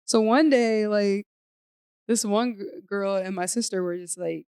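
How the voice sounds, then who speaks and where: A woman's voice: medium pitch, a little slow, smooth, no room sound, studio quality. A young adult woman co-hosting a podcast, telling a story in casual chat, acting out other people's voices and leaning heavily on "like". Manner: animated, acts out quoted voices, frequent "like". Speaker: podcast co-host.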